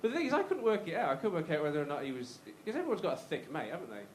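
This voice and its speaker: A man's voice: fairly high pitch, huge pitch swings, rapid-fire, a little hiss or hum. A man in his thirties from the Black Country in the West Midlands with a Black Country accent, doing a live stand-up routine in a comedy club. He is chatty and self-mocking and banters with the crowd. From Black Country, West Midlands, England. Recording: roomy live club sound.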